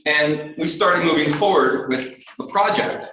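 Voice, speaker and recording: A man giving a storytelling talk to an astronomy club, lively and acting out the voices of other people. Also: unhurried, a little hiss or hum. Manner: animated, acts out quoted voices in a higher pitch. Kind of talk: storytelling lecture. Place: community hall talk. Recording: very echoey hall, speaker far from mic.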